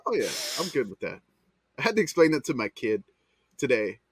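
Man, podcast co-host, husky voice, lively pitch, dry sound, playful dad humor. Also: a little fast, dry recording. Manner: playful, tells dad stories. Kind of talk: casual podcast banter.

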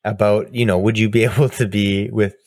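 A man co-hosting a podcast in casual chat, excitable and rambling, often laughing and restarting his sentences. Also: lowish voice, fairly quick, no room sound, studio quality. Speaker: podcast co-host.

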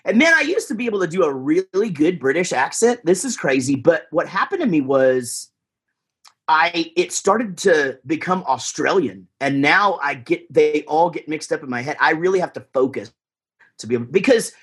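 Speaking at normal speed with lively intonation, this Texan guest musician has a slightly high, fairly bright, somewhat rough voice. His podcast chat is relaxed and rambling, peppered with fillers and restarts.

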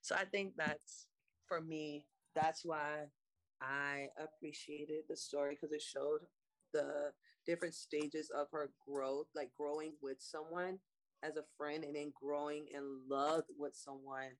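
A young woman in casual chat, relaxed and slangy, often pausing with fillers to search for words. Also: low voice.

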